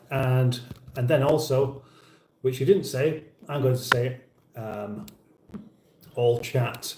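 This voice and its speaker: A man's voice: mid-range voice, slow, a little mellow, roomy sound, a little hiss or hum, rough recording. A middle-aged British man hosting a casual livestream, reading out viewer comments in a dry, wry, mock-formal way and sounding a little weary. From United Kingdom. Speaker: livestream host.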